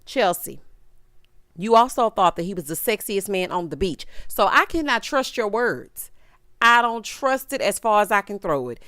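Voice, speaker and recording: A woman giving sassy, animated commentary as she recaps a reality show. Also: mid-range voice, normal speed, no room sound, studio quality. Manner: animated, sassy, acts out quotes.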